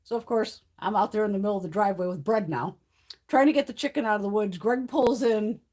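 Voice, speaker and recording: A woman's voice: mid-range voice, fast talker, warm tone. A woman hosting a live stream from home, chatting casually, swearing freely and laughing often. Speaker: livestream host. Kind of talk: casual chat.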